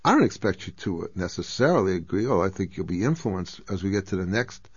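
A man appearing as a guest on a radio pledge drive, making an emphatic fundraising appeal that rises to loud exclamations. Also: deep voice, lively intonation, fast talker, breathy edge, dry recording. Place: radio studio. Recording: dull lo-fi radio broadcast, dry.

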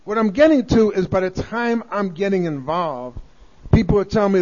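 High-voiced man lecturing on a lo-fi recording. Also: expressive, moderate pace, a little mellow. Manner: storytelling, speeds up through lists. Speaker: speaker giving a political talk. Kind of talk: recorded lecture played on air. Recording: dull lo-fi recording played on radio.

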